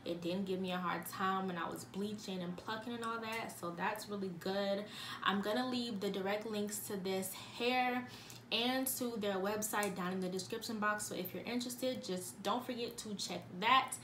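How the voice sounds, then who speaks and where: A young woman vlogs about hair in a chatty, upbeat way, talking straight to her viewers. Her voice sits at an ordinary middle pitch for a woman. The room around her is echoey, with a faint hum behind her. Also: steady tone, moderate pace, a bit bright. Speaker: beauty vlogger. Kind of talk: casual vlog talk to viewers.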